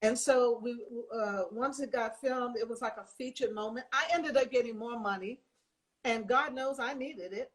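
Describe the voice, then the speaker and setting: An older woman telling lively stories in a casual chat, acting out the people she quotes. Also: a little high, moderate pace. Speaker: guest.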